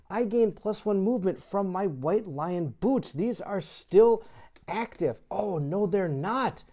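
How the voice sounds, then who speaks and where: A chatty host talks through a solo board game, reading rule cards aloud and puzzling over choices. The voice is mellow and warm, with frequent laughter and bursts of excitement. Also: medium pitch. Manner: laughs often and gets excitable. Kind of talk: casual solo board game playthrough commentary.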